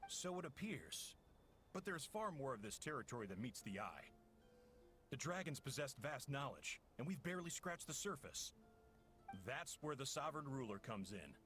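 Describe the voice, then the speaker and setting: An actor playing a cold, scheming male villain henchman in a video game, speaking in a flat, measured, monotone way. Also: medium pitch, soft background music. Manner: flat, measured, even delivery.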